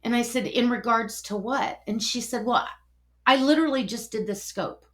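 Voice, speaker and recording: A middle-aged woman telling a personal story, animated and acting out both sides of each conversation. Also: fairly high pitch, normal speed.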